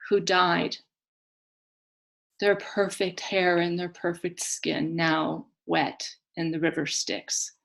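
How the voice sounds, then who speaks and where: A woman telling a myth in a slow, solemn, dramatic storytelling manner. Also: on the low side, creaky. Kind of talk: mythic storytelling.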